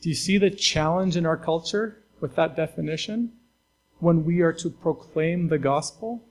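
A man's voice: a little high, moderate pace, poor audio. A man pastor delivering a conversational, earnest sermon to his church, with fillers and restarts.

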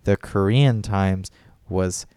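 A man's voice: low voice, takes it slowly, warm tone, clean tone, no echo, studio quality. A man telling a story in a casual podcast chat, rambling and swearing often. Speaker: podcast co-host.

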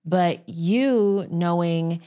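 A woman's voice: lowish voice, extremely slow, warm tone. A woman hosting a podcast, leading the interview with eager, laughing questions. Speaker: podcast host. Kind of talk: casual interview chat.

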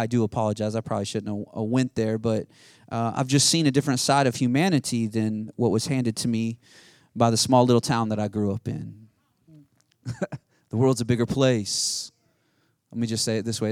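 A man's voice: medium pitch, darkish tone, dry recording, clean studio sound. A man preaching a sermon, rousing and full of rhetorical questions and call-outs to the congregation. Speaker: pastor.

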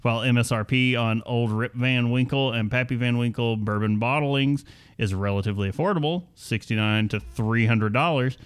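A man's voice: medium pitch, moderate pace, clean tone. A young adult man co-hosting a casual chat, reading news items aloud with a wry tone and frequent laughs. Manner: chatty, laughs often, reads news in a wry tone. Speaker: podcast co-host.

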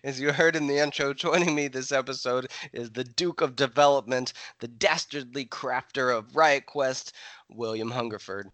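A man with a mid-range voice hosts a relaxed podcast conversation in an upbeat, playful way. His voice is recorded close and dry, with no room echo behind it. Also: mid-range voice, moderate pace. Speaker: podcast host. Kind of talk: casual podcast chat.

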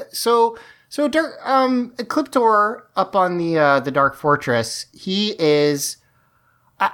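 A man's voice: mid-range voice, fairly bright tone. A man co-hosting a podcast, recapping an episode in a chatty, amused, rambling way. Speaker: podcast co-host. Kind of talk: casual episode recap chat.

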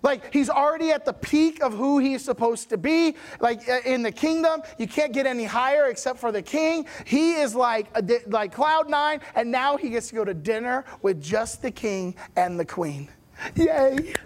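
High voiced guy preaching, super chatty, keeps asking does that make sense. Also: moderate pace, few pauses. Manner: chatty, animated, checks in with listeners. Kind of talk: casual sermon storytelling.

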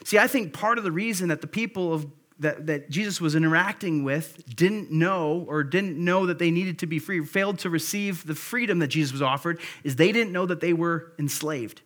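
A man preaching in a fairly high, conversational voice. He retells scripture in everyday words and works through his points with stops and restarts before pressing them home with emphasis. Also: moderate pace, hardly any pauses, fairly bright tone. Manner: frequent restarts and fillers, then builds to emphatic points. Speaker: pastor. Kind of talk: sermon.

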